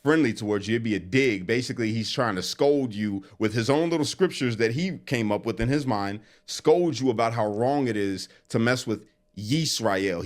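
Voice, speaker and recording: A man guest telling an animated story in casual talk. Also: on the low side. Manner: animated, quick storyteller who acts out quotes. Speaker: interview guest.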